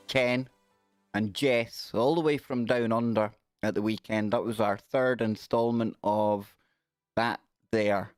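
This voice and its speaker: A middle-aged man, hosting a live stream in a chatty, rambling, joking way. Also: medium pitch. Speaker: host. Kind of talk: casual live-stream chat.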